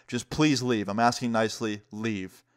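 A man's voice: medium pitch, fairly even intonation, normal speed, clean tone, lightly acted. An angry basketball guy, as a man puts him on. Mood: curt, bossy. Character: angry burly male basketball player, bossy.

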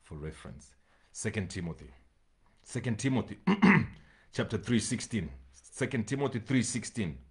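A man preaching a sermon to his congregation, reading scripture slowly and repeating phrases for emphasis, sometimes pleading with his listeners. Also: on the low side, sing-song. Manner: addresses congregation directly, pleading. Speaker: pastor.

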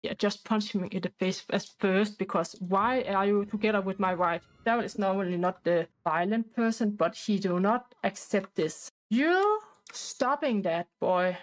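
A woman's voice: mid-range voice, steady tone, normal speed, few pauses, rough recording. A woman casually narrating a life-sim game playthrough in a rambling, talkative way with loose grammar. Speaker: gameplay narrator.

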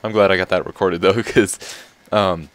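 A man giving casual, rambling commentary while playing a game, excitable and laughing often. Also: deep voice, normal speed, no echo. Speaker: gaming video creator.

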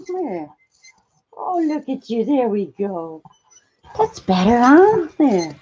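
A woman hosting a casual live stream, cooing at her pet in high baby talk between plain explanations. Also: very animated, takes it slowly, long pauses, a little mellow, breathy edge, highs cut off.

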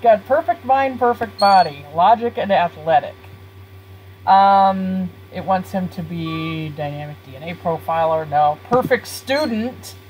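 A woman's voice: medium pitch, a little mellow, slight background noise, low-quality recording. A woman live-streaming a life-simulation game, chatting casually with her viewers and laughing often. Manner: giggly, chatty, talks to chat.

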